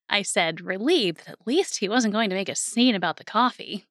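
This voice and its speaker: A woman's voice: medium pitch, normal speed, hardly any pauses, no echo, studio quality. A woman narrating a first-person story aloud, shifting her voice for the characters' lines. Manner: lively, switches voices for characters. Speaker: audiobook narrator.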